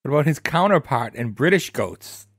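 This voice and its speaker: A man's voice: mid-range voice, animated, normal speed, a bit bright, dry recording, studio quality. A man co-hosting a podcast, teasing the others with wry remarks in casual chat. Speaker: podcast co-host.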